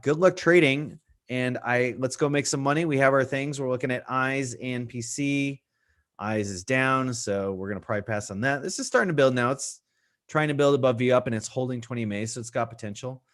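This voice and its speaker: A middle-aged man hosts a live market-analysis stream in a loose conversational way. He answers chat questions as they come in and repeats his points for emphasis, speaking at an ordinary mid pitch. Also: fairly bright tone. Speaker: trading stream host.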